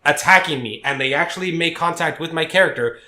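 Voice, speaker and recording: A young man co-hosting a casual podcast, telling stories in an animated, profane way with shouted outbursts. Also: on the high side, fast, reverberant. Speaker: podcast co-host.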